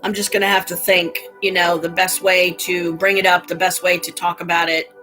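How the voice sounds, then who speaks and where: A woman's voice: on the low side, little pitch movement, moderate pace, bright, forceful tone, faint music behind, rough recording. A middle-aged woman on a casual livestream, venting angrily with lots of swearing about a family quarrel. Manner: angry, profane ranting.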